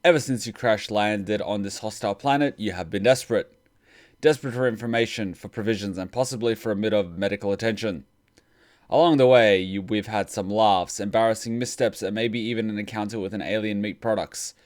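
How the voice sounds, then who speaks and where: A man's voice: lowish voice, steady tone, a little fast. A man hosting a game playthrough, reading the on-screen text aloud and chatting with viewers, stalling with fillers as he improvises voices. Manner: reads narration, then rambles and stalls while improvising voices. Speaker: let's play host. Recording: game music behind voice.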